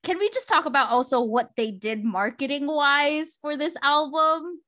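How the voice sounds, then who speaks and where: A woman's voice: high voice, normal speed, pushed and bright. A young woman co-hosting a podcast, chatting casually and enthusiastically, with lots of fillers and restarts. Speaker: podcast co-host. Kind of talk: casual chat.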